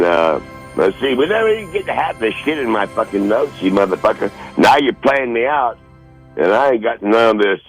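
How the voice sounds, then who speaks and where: Podcast host, middle-aged man, very low voice, dry close sound, profane and rambling. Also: no room sound, rough recording. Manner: profane, rambling, reads from notes. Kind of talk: rambling casual monologue. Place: Northern Michigan home.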